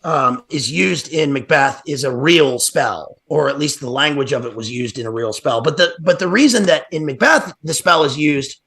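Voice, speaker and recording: A man with a fairly high, gravelly voice that carries a bright edge speaks as a livestream guest. He analyzes literature in a rambling, casual way, circling back with fillers and restarts. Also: normal speed, few pauses. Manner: digressive, many fillers and restarts.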